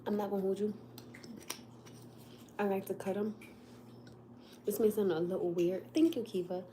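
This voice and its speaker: A woman's voice: medium pitch, steady tone, moderate pace, mellow, slight background noise. An American woman hosting a casual livestream from home, chatting and laughing with her viewers. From United States. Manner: chatty, laughs often, talks straight to viewers. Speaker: livestream host. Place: at home, snowed in.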